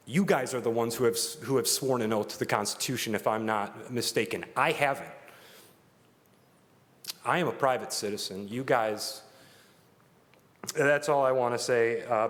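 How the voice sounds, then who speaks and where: A man giving an earnest, halting public comment at a council meeting, speaking emotionally. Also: medium pitch. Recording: reverberant meeting hall.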